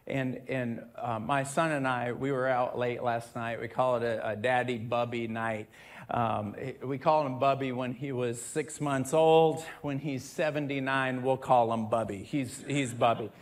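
A male pastor giving a sermon, moving from a family story into loud, emphatic preaching with scripture reading. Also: medium pitch, fairly even intonation, a little slow.

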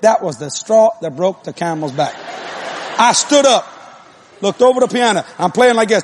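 A man's voice: high-pitched, expressive, moderate pace, noisy background. A man preaching a humorous sermon, telling a story in a blunt, folksy way, laughing often and mimicking voices and sounds.

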